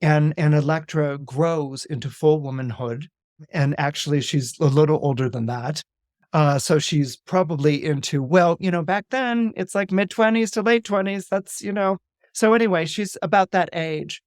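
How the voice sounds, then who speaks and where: A man, an astrologer guest on a podcast, retelling a Greek myth in a lively, dramatic way with casual asides. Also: a little high, moderate pace, dry recording, studio quality. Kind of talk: animated myth storytelling on a podcast.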